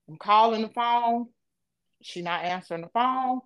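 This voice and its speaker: A woman tells a tense personal story at a middle pitch. She talks in a vivid, emotional, casual way and swears now and then. The sound is dry and close. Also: lively intonation, moderate pace, fairly bright tone, dry recording. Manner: emotional, vivid retelling with profanity. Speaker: podcast co-host.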